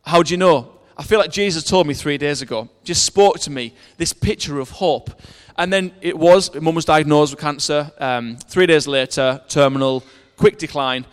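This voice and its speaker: A man's voice: a little high, moderate pace, clear, resonant tone, big-room sound. A man preaching a sermon in earnest, telling a personal story and reading verses aloud, with frequent restarts.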